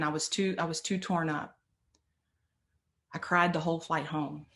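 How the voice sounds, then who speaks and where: A woman with a somewhat low voice delivers a personal motivational talk. She speaks with earnest conviction and builds her points by repeating phrases. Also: steady tone, normal speed, a bit bright.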